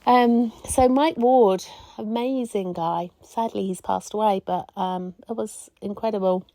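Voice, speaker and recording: A woman's voice: medium pitch, fairly even intonation, unhurried, dark tone, dry recording. A middle-aged woman, hosting a casual solo podcast and reminiscing in a rambling way with many asides. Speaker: podcast host.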